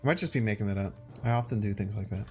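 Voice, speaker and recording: A man with a Chicago accent streaming a card game, chatting casually with his viewers and thinking his moves out loud. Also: lowish voice, very fast, soft background music. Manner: chatty, thinks aloud and talks to chat. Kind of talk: casual gaming stream commentary.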